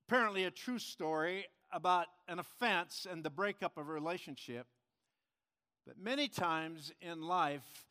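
A man leads a church service as its pastor, earnest as he tells a story from the pulpit. His voice sits slightly high for a man. He stumbles now and then and restarts a phrase. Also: sharp tone, in a large hall. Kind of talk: sermon.

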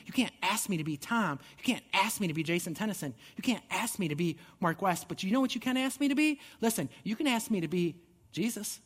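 A man's voice: high-pitched, long reverb tail. A man giving a sermon as pastor, conversational and earnest, often restarting his words. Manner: conversational preaching with repeated restarts.

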